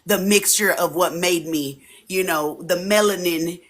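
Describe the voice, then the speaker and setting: A woman's voice: on the low side, unhurried. A woman in her forties chatting casually as an interview guest, telling stories and acting out the voices of friends she quotes. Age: 40s. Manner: animated storyteller, often acting out quoted friends. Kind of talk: casual chat. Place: home streaming setup.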